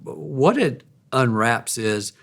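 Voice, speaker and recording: A man's voice: medium pitch, expressive, slow pace, creaky. A man in a conversational talk show, a supportive listener who reflects on the story he just heard. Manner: supportive listener with brief affirmations.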